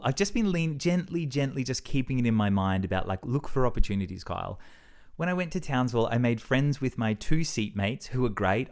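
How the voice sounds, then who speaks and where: A man's voice: mid-range voice, clear, resonant tone. A young man talks to the camera in a loose, reflective way. He rambles, breaks off and restarts his sentences, and fills the gaps with ums. His tone is self-deprecating throughout. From Australia. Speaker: vlogger. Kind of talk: casual reflective monologue.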